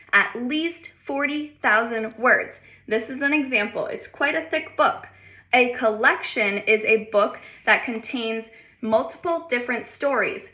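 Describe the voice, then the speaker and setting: Southern US woman teacher, bright crisp tone, slightly high, explains words clearly. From Texas. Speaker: English teacher. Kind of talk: short English-tip reels.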